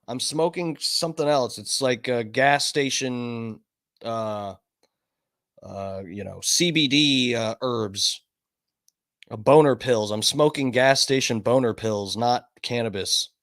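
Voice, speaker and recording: A man's voice: medium pitch, measured pace. A man hosting a casual livestream from a home studio, chatting loosely, swearing and mocking himself, now and then coughing from smoking. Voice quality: loose and profane, self-mocking. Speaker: streamer host.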